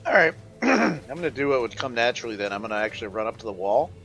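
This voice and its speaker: A man's voice: medium pitch, sing-song, quick pace, gravelly, fairly bright tone, faint music behind. A man playing a tabletop game, thinking aloud about what his character does. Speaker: player.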